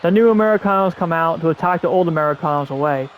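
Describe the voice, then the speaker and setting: A man's voice: a little high, fast, slight background noise, poor audio. A man hosting a podcast, rambling through a casual wrestling recap with many restarts and repeated words. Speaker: podcast host.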